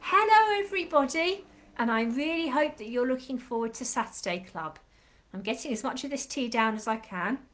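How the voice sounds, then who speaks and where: A woman with a slightly croaky throat leading a children's class on a live stream, chatting warmly to the watching children with sing-song greetings. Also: fairly high pitch, a little fast. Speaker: children's club leader. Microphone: live stream webcam.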